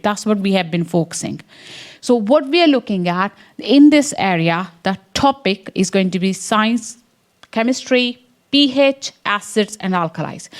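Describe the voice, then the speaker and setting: A woman from the English Midlands with an Indian accent, a science education researcher presenting to a room and checking in with her listeners. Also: mid-range voice. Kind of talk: academic talk with slides.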